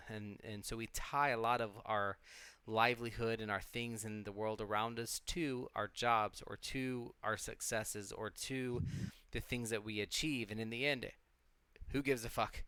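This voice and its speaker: Bright, smooth-voiced man musing casually. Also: mid-range voice, steady tone, moderate pace, no room sound. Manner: loose and reflective, swears freely, many fillers and restarts. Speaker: co-host of a live witchcraft stream. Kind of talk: casual rambling talk.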